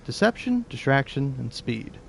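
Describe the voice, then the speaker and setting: A man voicing a nervous, weary spacefaring planner from a video game, using his own voice pitched slightly higher. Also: sing-song, normal speed, creaky, a little hiss or hum. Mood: planning. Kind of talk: reading game dialogue aloud.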